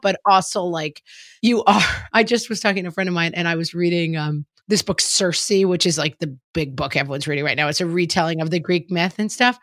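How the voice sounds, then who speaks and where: A woman's voice: on the low side, a bit bright, dry recording, clean studio sound. A woman in her forties chatting casually on a podcast, laughing often and filling her talk with "like". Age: 40s. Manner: chatty, laughing, frequent "like" fillers. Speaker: podcast co-host. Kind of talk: casual chat.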